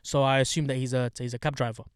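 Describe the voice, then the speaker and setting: A young man telling a story in casual chat, animated, swearing and getting heated as he talks. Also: fast talker, smooth, no echo, clean studio sound. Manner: animated storyteller, swears, gets heated and high when indignant.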